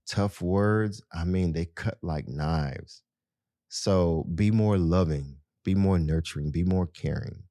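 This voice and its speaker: A man's voice: sits low, dark tone, no echo, studio quality. A man hosting a podcast, giving casual advice in a conversational way and speaking straight to his listeners, with lots of "you know" fillers. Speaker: podcast host.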